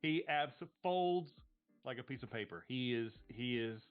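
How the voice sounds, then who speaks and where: A man's voice: medium pitch, a little slow, clean tone. Man game master on tinny stream. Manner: relaxed, many fillers. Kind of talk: narrating a tabletop game on a live stream. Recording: tinny lo-fi stream audio, faint music.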